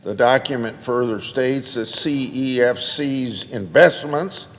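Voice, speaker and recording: Older man reading a slow speech in a large hall. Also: medium pitch. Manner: slow, halting delivery with restarts and careful quoting. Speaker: senator giving a floor speech. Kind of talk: prepared speech read aloud. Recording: long reverb of a large chamber.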